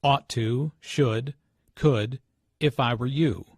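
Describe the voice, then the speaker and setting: A man narrating English lesson notes in a measured, explanatory way. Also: medium pitch, darkish tone, slightly rough, no room sound, clean studio sound.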